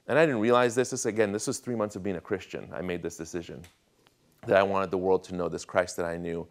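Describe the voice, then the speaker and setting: A young adult man giving a sermon testimony as guest speaker, acting out family dialogue in an animated storytelling manner. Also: deep voice, fast talker.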